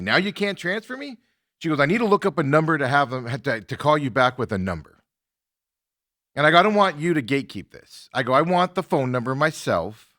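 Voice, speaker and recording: A man hosts a talk show in casual chat, retelling a frustrating call. His bright, forceful voice rides a lively pitch as he quotes both sides. The sound is dry and close. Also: no echo. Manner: animated, indignant retelling with quoted exchanges. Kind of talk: casual chat, telling a story.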